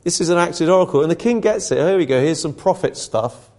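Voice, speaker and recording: A man's voice: a little high, lively intonation, fairly quick, a little mellow. A male preacher giving a conversational sermon that retells a story and asks earnest rhetorical questions.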